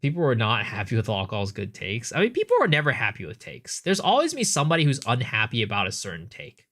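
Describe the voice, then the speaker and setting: A man's voice: medium pitch, wildly swooping pitch, quick pace, fairly bright tone. A man streaming live, chatting casually and thinking aloud as he answers viewer questions, with frequent restarts.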